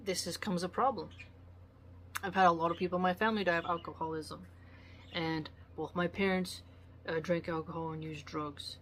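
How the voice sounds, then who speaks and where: A woman with a lowish voice lecturing in a blunt, preachy way. She talks straight to the camera in solo commentary, with a faint hum of room noise behind her. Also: fairly bright tone. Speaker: vlogger.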